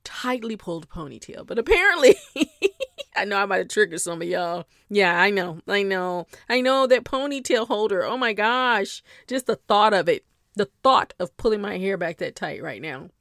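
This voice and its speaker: A middle-aged woman hosts a podcast, talking straight to her listeners in a playful, casual way. Her mid-range voice has a fairly bright tone and moves at a normal pace. The sound is clean studio audio with no room sound.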